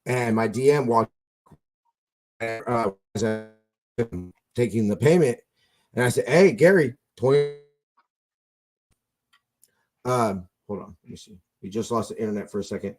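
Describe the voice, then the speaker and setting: A man's voice: on the low side, normal speed, a little mellow. A man hosting a casual fan podcast over an internet call, telling rambling stories full of fillers and restarts. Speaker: podcast host.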